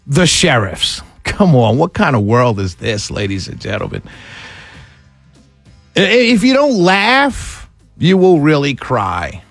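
A man's voice: a little high, vocal fry, fairly bright tone, no room sound. A man hosting a talk radio show, ranting with sarcasm and passion and laughing between his points. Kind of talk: opinionated radio monologue.

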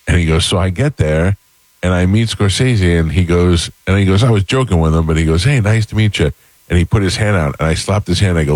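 A man with a deep, low voice tells stories on a talk show. He is recorded close and dry, with no room sound. He acts out the lines of the people in his stories as he goes. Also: fairly quick, dry recording, low-quality recording. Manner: animated anecdotes, acting out others' voices. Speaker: podcast host. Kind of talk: casual storytelling chat.

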